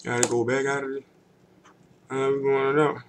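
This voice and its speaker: A man's voice: mid-range voice, little pitch movement, normal speed, background noise. A man rambling casually to himself while he works at a computer, muttering and cursing in a loose, offhand way. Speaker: rapper filming himself at a computer. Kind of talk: rambling casual talk to camera. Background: keyboard typing and clicking.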